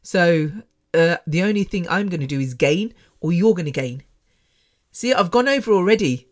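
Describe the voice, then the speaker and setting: A woman's voice: lowish voice, expressive, normal speed. A middle-aged woman speaks into a microphone from her bedroom as the host of her own podcast. She rambles frankly and emotionally, laughing and restarting as she goes. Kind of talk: candid personal podcast monologue.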